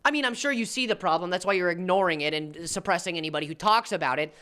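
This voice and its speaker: An American man doing commentary in a sarcastic manner, jumping between loud jabs and low mutters. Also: quick pace, smooth. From United States. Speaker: commentary YouTuber. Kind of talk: commentary video.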